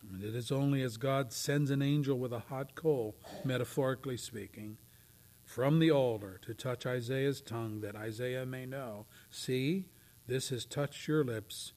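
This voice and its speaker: A man preaching a sermon, swinging from loud, declaiming readings to near whispers. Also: mid-range voice, normal speed. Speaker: pastor. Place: church.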